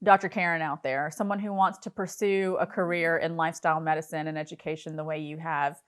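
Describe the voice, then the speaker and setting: A woman's voice: low voice, steady tone, a little fast, clear, resonant tone. A woman hosting an interview series, asking questions in a chatty, upbeat way with casual fillers. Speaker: interview host. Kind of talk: conversational interview.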